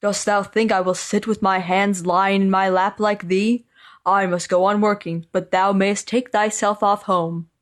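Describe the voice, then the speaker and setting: A woman's voice: medium pitch, flat delivery, a little slow, natural voice. A woman voicing a poor old woodcutter father who scolds his son, in a storybook reading. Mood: scolding. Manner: scolding, gruff.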